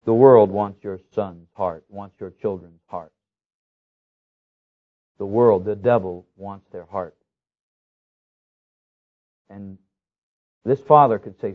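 A male pastor preaching a sermon, emphatic, building his phrases up to loud, rising peaks. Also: on the low side, steady tone, a little slow, pauses often, phone-quality sound.

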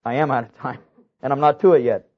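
Emphatic preacher on a tinny tape. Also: male voice, medium pitch, steady tone, quick pace. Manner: emphatic preaching, climbing to loud peaks. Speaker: pastor. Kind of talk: sermon.

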